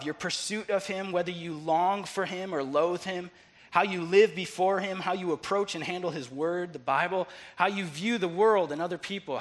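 A man with a slightly higher voice, preaching with energy and telling a story from the pulpit. He acts out the voices of the people in his story, drops to a near whisper for quiet moments and rises sharply when the story builds. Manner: storytelling with acted-out dialogue, swinging from hushed to loud. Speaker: pastor. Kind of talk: sermon.

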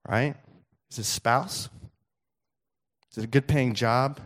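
A male pastor preaching a sermon in a conversational, animated storytelling way, with frequent restarts. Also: mid-range voice, slow pace.

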